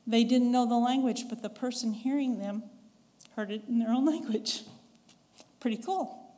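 A woman with a Western American accent preaches a sermon in an easy, conversational way, now and then chuckling and acting out what people said. Her voice sits a little high. The sound rings with the long reverb of a church sanctuary. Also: normal speed, dark tone. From western United States. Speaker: pastor.

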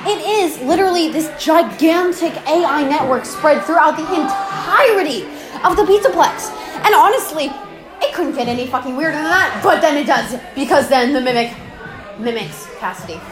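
Young woman, high voice, rambly casual chatter full of laughs and cursing; roomy echo, clear music underneath. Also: expressive, moderate pace. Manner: rambling, laughing, swearing, slangy. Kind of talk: casual recorded chat about game lore.

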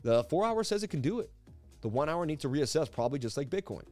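A man hosting a casual live stream of crypto chart analysis from his seat at a desk, talking in an energetic, rambling, jokey way. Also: fairly high pitch, quick pace, soft background music. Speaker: crypto market analyst host. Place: seated at a desk indoors.

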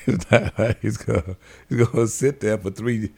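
A man's voice: fairly low pitch, creaky, darkish tone, husky. A man hosting a radio talk show, delivering an opinionated monologue in a folksy, preachy way and laughing between his points.

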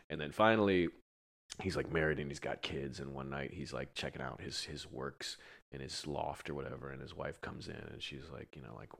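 A young man with a notably deep voice chats casually. He tells a long, rambling story, laughing often and swearing freely. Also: fairly even intonation, a little fast, gravelly, fairly bright tone. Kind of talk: casual chat.

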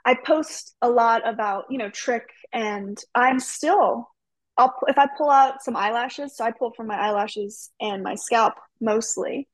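A woman's voice: fairly high pitch, no echo. A woman hosting an interview, encouraging and bubbly, saying "like" a lot. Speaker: host. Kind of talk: conversational interview.

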